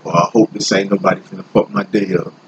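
A man voicing a brash, scheming man who fakes an injury after a car crash, in a deeper voice than his own. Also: brisk, a bit bright, husky, highs cut off. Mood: weary. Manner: sly, brash, streetwise.

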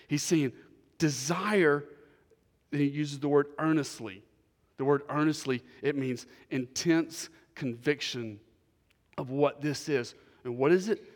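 Emphatic preaching man in a reverberant hall. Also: fairly high pitch. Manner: emphatic preaching, repeats key phrases, swings between loud stresses and quiet asides. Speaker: pastor. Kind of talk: sermon. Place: church.

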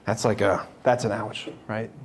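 A man's voice: fairly low pitch, flat delivery, normal speed. A young man giving an informal spiritual talk to a parish group, chatty, restarting sentences and laughing often. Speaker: speaker at a parish faith program.

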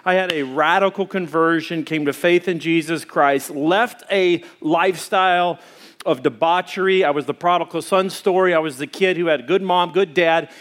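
A middle-aged man preaching a sermon, telling a personal story in an animated, conversational way with frequent restarts. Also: on the high side, moderate pace. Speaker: pastor.

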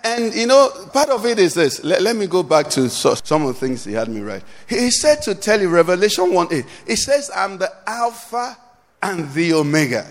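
Male pastor, high voice, call-and-response sermon style, long church reverb. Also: very animated, moderate pace. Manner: preaching with call-and-response questions, rising to shouts.

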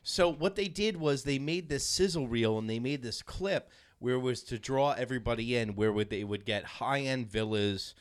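A man's voice: mid-range voice, moderate pace, hardly any pauses. A man in his thirties telling jokey, profane stories in a casual podcast chat. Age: 30s. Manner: joking, profane storyteller.

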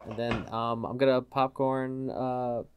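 A man's voice: medium pitch, flat delivery, a little slow, a little hiss or hum. Rambling, profane man recapping a movie. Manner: rambling, profane, filler-heavy. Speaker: podcast co-host. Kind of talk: casual chat recapping a movie.

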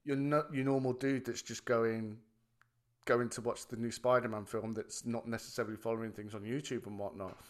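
A man's voice: medium pitch, fairly even intonation, fairly quick. A man co-hosting a podcast, chatting about films animatedly and swearing freely. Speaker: podcast co-host. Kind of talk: casual film chat.

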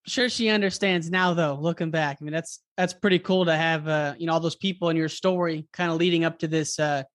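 Podcast host, easygoing interviewer, mid pitch, casual and meandering. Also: fairly quick. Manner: relaxed, rambling questions with fillers.

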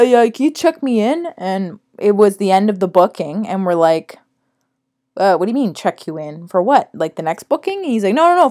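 A young woman co-hosting a podcast, telling stories in casual chat, swearing and acting out what others said. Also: on the low side. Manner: animated, profane, acts out quotes. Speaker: podcast co-host.

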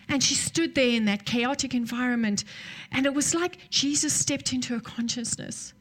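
Woman preaching, soft storytelling sermon. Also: sits high, normal speed, few pauses. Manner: storytelling, drops to soft near-whispers in tender moments.

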